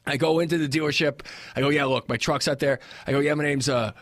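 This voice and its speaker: A young adult man co-hosting a casual podcast, telling a story with lots of swearing and quick imitations of the people he talks about. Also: on the high side, no room sound, clean studio sound. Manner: animated storyteller, swears a lot, mimics people he quotes. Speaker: podcast co-host. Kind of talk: casual crude banter and storytelling.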